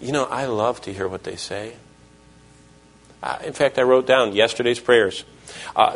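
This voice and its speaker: A man's voice: mid-range voice, measured pace, pauses often. Middle-aged pastor guy preaching, tells stories, quotes verses, medium voice. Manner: storytelling, quoting scripture and voices in dialogue. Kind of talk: sermon.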